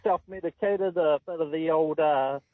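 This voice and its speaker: Man, radio caller, high voice, blunt offhand tale, tinny phone line. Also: normal speed, no echo. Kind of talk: casual storytelling.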